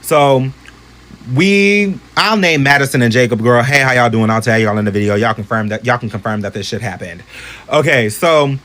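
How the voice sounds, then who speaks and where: A man telling a spooky story to camera in an animated, chatty, profane way. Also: moderate pace. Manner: animated, profane, chatty, swings into high voices for others.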